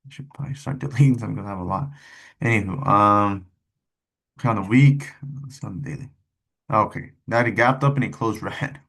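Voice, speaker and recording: A young man giving casual, rambling commentary on stock charts, cussing and tossing in quick asides. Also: on the low side, vocal fry, fairly bright tone, slightly rough. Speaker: stock trading streamer.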